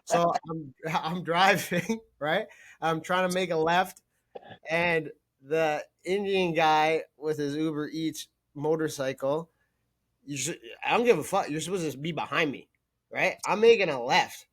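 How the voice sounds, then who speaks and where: A man's voice: fairly high pitch, measured pace, a bit bright. Blunt, foul-mouthed man. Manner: blunt, crude and profane, laughs through his stories. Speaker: podcast guest. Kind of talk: casual storytelling.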